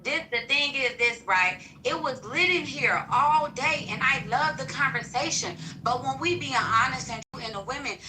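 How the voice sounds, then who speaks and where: A woman talking bluntly and loudly in a heated online audio-room chat, swearing freely. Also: high-pitched, moderate pace, hardly any pauses, background noise.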